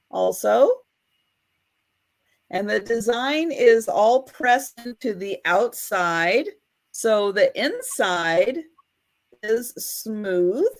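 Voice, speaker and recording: This is a woman co-hosting a live vintage sale over a home internet stream. She takes her time, talking at a slow, deliberate pace. Her item descriptions are careful and full of small ums and restarts. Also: medium pitch. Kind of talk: live online sales chat. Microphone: streaming over a home internet connection.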